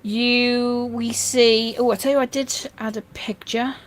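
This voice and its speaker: A woman's voice: fairly high pitch, fairly even intonation, unhurried. A woman hosting a fishkeeping channel, talking in a casual, rambling way with dry jokes and anecdotes. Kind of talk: casual chat.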